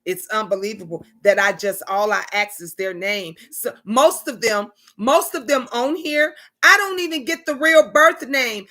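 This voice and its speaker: Bright-voiced woman telling reading stories. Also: on the high side, unhurried, hardly any pauses. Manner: animated storytelling, quoting spirits and viewers in character. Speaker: tarot reader and channel host. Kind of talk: casual livestream chat.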